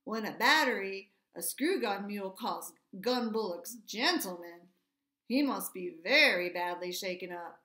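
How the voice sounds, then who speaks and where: A woman's voice: mid-range voice, animated, a little slow, sharp tone, roomy sound. A woman voicing a seasoned old male army mule who talks in a dry, scolding, know-it-all way. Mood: scornful.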